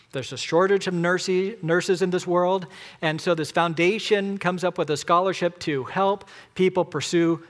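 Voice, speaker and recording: A man preaching a sermon, emphatic, counting off points and putting rhetorical questions to his listeners. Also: fairly high pitch. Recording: long hall reverb.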